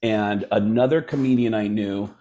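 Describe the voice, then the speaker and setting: A man's voice: on the low side, normal speed. A stand-up comedian telling a story in casual chat, jumping into voices as he goes. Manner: animated storyteller who slips into voices. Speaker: comedian guest.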